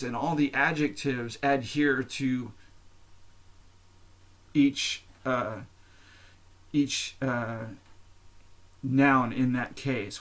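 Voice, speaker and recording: A man hosting his own podcast, talking alone in a candid, profane, rambling way. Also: medium pitch. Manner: candid and profane, explains at length with fillers. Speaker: podcast host. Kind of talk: casual solo monologue.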